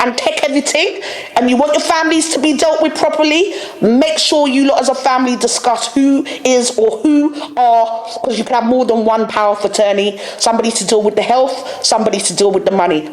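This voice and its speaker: A woman's voice: on the high side, echoey room. A woman hosting a podcast, ranting candidly in slang and laughing often. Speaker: podcast host. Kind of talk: casual solo rant.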